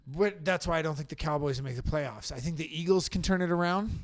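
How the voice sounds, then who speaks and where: A man's voice: fairly high pitch, brisk, dry recording. A man co-hosting a podcast, chatting casually and confidently about football picks and trades. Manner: opinionated, confident football predictions. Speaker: podcast co-host. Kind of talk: casual sports chat.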